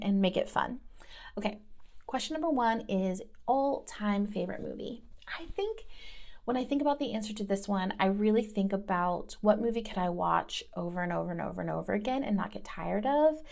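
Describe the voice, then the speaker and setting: A woman's voice: medium pitch, vocal fry, darkish tone. A woman in her thirties from the American South, hosting in a casual, rambling chat style with many fillers. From Southern United States. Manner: chatty and rambling, lots of "like". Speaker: host.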